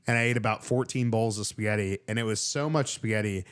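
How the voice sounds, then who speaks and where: A man co-hosting a comedy podcast, telling rambling, animated stories in casual chat with lots of fillers. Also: lowish voice, fast talker, clean tone. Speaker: podcast co-host.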